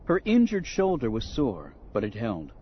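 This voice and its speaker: A man dramatically narrates an audiobook, expressively acting out the characters' voices. His mid-range voice moves at a normal speed and is slightly rough, heard through dull lo-fi audio with faint music.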